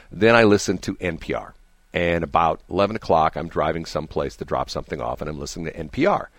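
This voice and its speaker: A man hosting a radio talk show, giving his opinions in an animated, talkative way and mocking the people he disagrees with. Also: sits low, no room sound. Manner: animated, mocking imitations of others. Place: radio studio.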